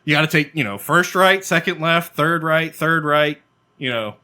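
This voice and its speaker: A middle-aged man, chatting casually as a podcast co-host, telling profane, animated stories and acting out voices. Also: fairly high pitch, moderate pace. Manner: profane, animated storyteller who acts out voices. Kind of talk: casual chat.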